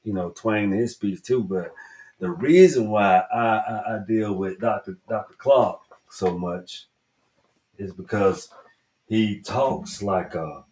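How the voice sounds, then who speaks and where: A man's voice: lowish voice, takes it slowly, darkish tone, rough recording. A man with a Southern US accent hosting a podcast, giving a casual book review in a rambling, emphatic way and swearing freely. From Southern United States. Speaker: podcast host.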